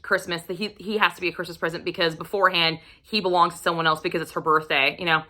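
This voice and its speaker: A woman vlogger recommending romance books to camera, gushing and swearing freely, sometimes dropping into a breathy whisper. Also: on the low side, fairly even intonation, quick pace, sharp tone. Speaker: book reviewer. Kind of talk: casual book recommendation vlog.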